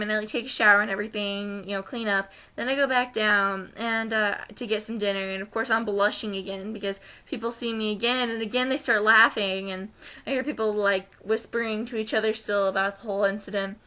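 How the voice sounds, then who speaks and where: A woman's voice: medium pitch, brisk. A young American woman vlogging, telling a story casually and acting out the voices of the people in it. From United States. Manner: animated, acts out quoted voices.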